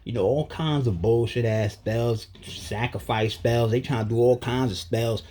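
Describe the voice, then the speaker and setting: A man vlogging in a casual, emphatic rant full of street slang, with a husky voice. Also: mid-range voice, fairly even intonation, measured pace, dark tone. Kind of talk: casual monologue.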